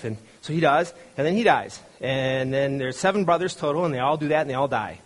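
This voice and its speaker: A man's voice: medium pitch, fairly quick, hardly any pauses. A middle-aged man preaching a conversational sermon. He retells a story in a loose, storytelling way, with many restarts, and briefly acts out the voices he quotes. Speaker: pastor.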